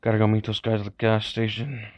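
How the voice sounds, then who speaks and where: A man playing a cocky young male hero who rambles in fast, slang-filled bursts. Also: on the low side, completely flat delivery, dry recording, natural voice. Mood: tired. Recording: dull, lo-fi, dry recording.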